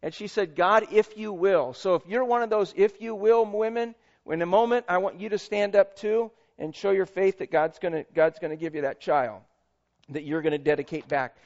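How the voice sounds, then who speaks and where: A man's voice: high voice, brisk, darkish tone, muffled recording. A man preaching a sermon as pastor, emphatic and conversational, with asides to the congregation.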